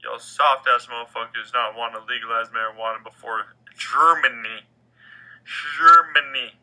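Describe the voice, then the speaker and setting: A young man ranting casually as a podcast host, profane and animated, swinging from loud outbursts to muttered asides. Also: mid-range voice, a little fast, poor audio. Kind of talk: casual rant.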